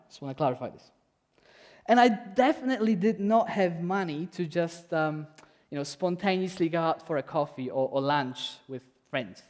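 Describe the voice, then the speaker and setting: High-voiced man giving a casual sermon. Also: moderate pace. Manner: conversational, animated with playful voiced quotes. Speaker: pastor. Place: church.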